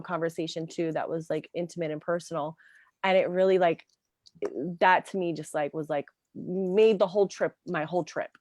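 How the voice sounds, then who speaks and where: A woman career coach talking with a fairly low voice, animated and full of "like" and "um" fillers. The sound is close and dry, with no room echo. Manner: animated storyteller, many fillers like "like" and "um". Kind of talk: casual interview chat.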